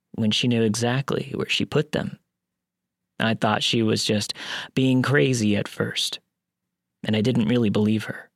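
Gravelly man narrating a creepy story. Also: mid-range voice, dry recording, clean studio sound. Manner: wry, blunt, casual swearing.

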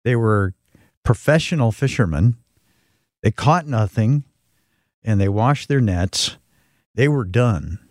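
A man co-hosting a faith talk, reflecting slowly and emphatically on a scripture passage. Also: on the low side, expressive, a little mellow, no room sound, clean studio sound.

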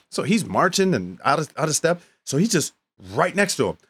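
A man co-hosting a podcast, telling casual stories, animated and profane, often laughing. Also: fairly high pitch, moderate pace, slightly rough, no echo. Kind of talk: casual storytelling chat.

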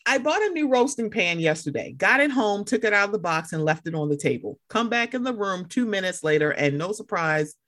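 A young woman co-hosting a casual chat, animated and swearing, acting out other people in loud high voices. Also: brisk, few pauses. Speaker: podcast co-host.

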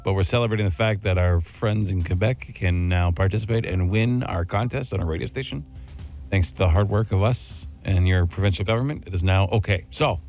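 A man's voice: fairly low pitch, a little mellow. A man hosting a radio morning show, joking and laughing with co-hosts and running a call-in contest. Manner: jokey, laughs often, runs a contest. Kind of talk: casual radio banter.

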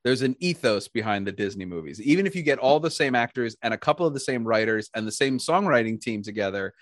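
American podcast host, animated, swinging pitch, laughs a lot, dry close mic. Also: quick pace, no echo. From United States. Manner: animated, laughs often, trails off and restarts. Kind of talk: casual chat.

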